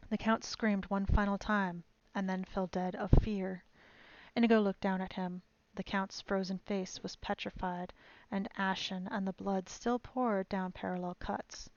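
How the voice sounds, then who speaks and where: A woman's voice: mid-range voice, steady tone, unhurried, no room sound, muffled recording. A woman streamer reading a novel aloud in a dramatic storytelling manner from home. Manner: dramatic storytelling, loud at fight scenes.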